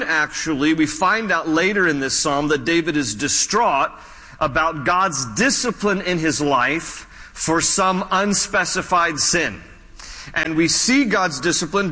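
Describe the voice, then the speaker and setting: A male pastor preaches a sermon in a bright, high voice. He talks to his listeners conversationally and acts out the lines he quotes. A long reverb from the hall trails his words.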